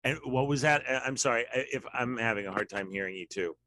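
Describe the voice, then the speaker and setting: A man hosts a relaxed conversation, rambling and wry, slipping into sarcastic asides. His voice sits at an ordinary middle pitch, recorded dry and close with no room sound. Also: fast, no room sound. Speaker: podcast host. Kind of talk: casual chat.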